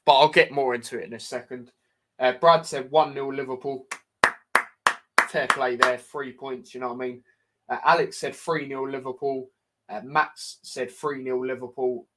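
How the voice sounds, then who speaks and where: Chatty young football lad. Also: male voice, mid-range voice, a bit bright. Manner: chatty, filler-heavy, says "do you know what I mean" often. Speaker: football podcast host. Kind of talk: casual football predictions chat.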